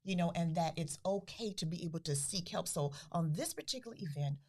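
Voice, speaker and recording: A middle-aged woman who founded a grief foundation, speaking earnestly as a podcast guest, with soft, breathy trailing phrases. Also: fairly low pitch, animated, a little fast. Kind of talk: podcast interview.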